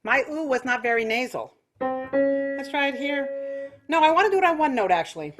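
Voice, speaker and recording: A woman teaching an online singing class, explaining slowly between nasal, quacking vocal demonstrations over a video call. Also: high-pitched, lively intonation, over music. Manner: nasal quacking vocal exercises between slow spoken instructions.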